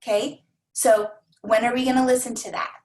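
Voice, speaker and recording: A woman coaching a team of coaches in an energetic, repetitive manner, often acting out the voices of clients. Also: a little high, normal speed, reverberant, low-quality recording. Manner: energetic, repeats phrases, acts out clients' voices.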